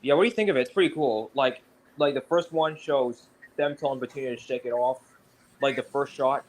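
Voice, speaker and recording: A man chatting casually and eagerly, jumping in with quick remarks. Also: medium pitch, a little hiss or hum. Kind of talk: casual chat.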